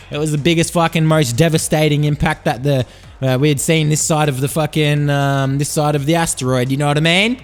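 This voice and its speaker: A man's voice: on the high side, fairly even intonation, a little fast, faint music behind. An Australian man hosting a podcast, telling crude, profane tall tales in a rambling comic monologue. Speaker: podcast host.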